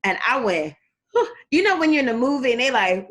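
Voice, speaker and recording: A middle-aged woman telling her story as a guest in a casual interview, lively and acting out the people she quotes. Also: fast. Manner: animated, acts out quotes with big jumps in pitch. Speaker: guest, performer and fitness trainer.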